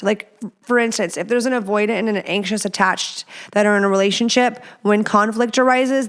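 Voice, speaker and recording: Woman host, chatty and profane, smooth clear tone, casual advice delivery. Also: mid-range voice. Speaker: podcast host.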